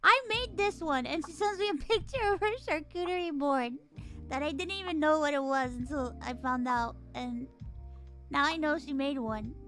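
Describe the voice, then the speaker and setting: High-voiced giggly woman streamer. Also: normal speed, soft background music. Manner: giggly, animated retelling of text chats. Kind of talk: casual storytelling on stream.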